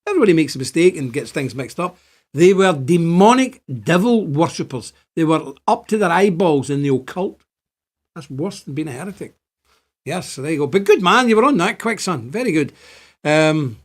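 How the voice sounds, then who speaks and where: Guy hosting his show, kinda high voice, rambly and animated. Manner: animated, rambling, chants and jokes. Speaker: host. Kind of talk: casual online show talk.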